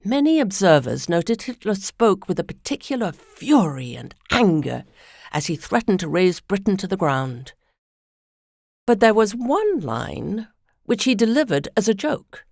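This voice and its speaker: A woman narrating a podcast from a script in a measured, storytelling manner. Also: medium pitch, very animated, vocal fry, darkish tone, no echo, clean studio sound.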